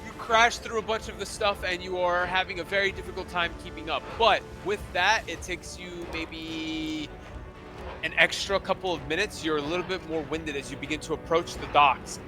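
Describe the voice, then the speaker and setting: A man's voice: sits high, fairly even intonation, moderate pace, music in the background. A man narrating a tabletop game as its game master, loose and rambling with many fillers.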